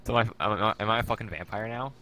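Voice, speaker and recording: A man's voice: fairly low pitch, racing, sharp tone. A man playing a tabletop game, joking and teasing the game master. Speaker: player. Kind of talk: casual chat at a tabletop game.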